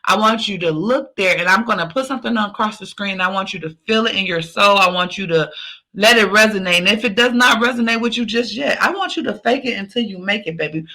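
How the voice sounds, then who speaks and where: A woman's voice: medium pitch, fast talker, bright, forceful tone, rough recording. A woman hosting a podcast, giving an emphatic, repetitive motivational pep talk. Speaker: podcast host.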